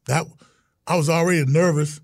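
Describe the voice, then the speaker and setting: A middle-aged man, a guest in an interview, telling stories in a lively way and acting out the quotes. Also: on the high side, normal speed, dry recording, clean studio sound. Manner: animated storyteller, acts out quotes, exclamations. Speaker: interview guest, retired football player. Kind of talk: casual interview storytelling.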